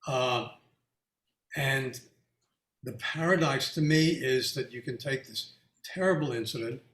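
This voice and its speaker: A man's voice: mid-range voice, a bit bright, roomy sound. A man, a featured artist, talking reflectively and casually with an audience, often restarting his sentences and laughing through his anecdotes. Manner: halting with many restarts, laughs while telling anecdotes.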